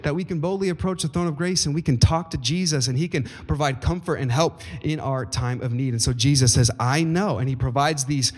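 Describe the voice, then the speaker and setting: A man's voice: a little high, fairly quick, hardly any pauses, soft background music. A man in his thirties preaching a sermon as pastor, with emphatic rises and folksy asides to the congregation. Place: church sanctuary. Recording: long hall reverb.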